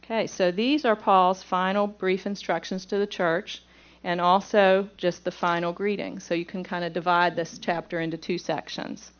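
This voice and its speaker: A woman's voice: lowish voice, fairly even intonation, normal speed, lo-fi sound. Woman teaching a Bible lesson. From Pittsburgh. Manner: reads scripture aloud, then explains it plainly step by step. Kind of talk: Bible lesson with scripture reading.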